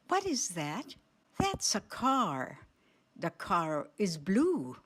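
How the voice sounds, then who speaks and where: Slow, lively-voiced woman teaching words. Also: mid-range voice. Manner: slow, deliberate, repeats each word clearly. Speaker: language teacher. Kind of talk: radio language lesson.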